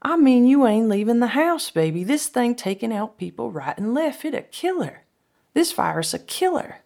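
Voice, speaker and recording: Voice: mid-range voice, expressive, unhurried, gravelly. A performer voicing a sick, alarmist man insisting on quarantine. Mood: alarmed. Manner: insistent, pleading.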